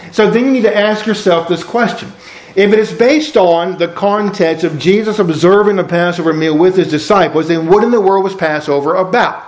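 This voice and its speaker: A male pastor preaching a sermon, chatty and full of rhetorical questions. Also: high voice. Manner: conversational, rhetorical questions, storytelling. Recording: roomy echo.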